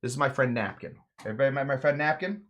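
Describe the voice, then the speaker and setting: A man's voice: mid-range voice, very fast. A man hosting a live cocktail show, walking through a recipe with playful, rambling jokes and mumbled asides. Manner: playful, rambling, swings between loud emphasis and mumbled asides. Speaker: home bartender host. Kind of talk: jokey live cocktail demo.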